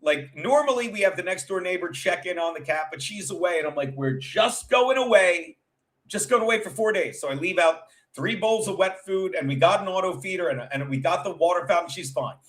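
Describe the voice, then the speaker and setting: A man with a high-pitched voice hosts a casual livestream. He tells stories in a loose, tumbling way, full of profanity and self-interruptions. He keeps breaking off to talk to his viewers. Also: animated, fairly quick, fairly bright tone. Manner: chats with live viewers. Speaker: livestream show host. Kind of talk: rambling comic storytelling.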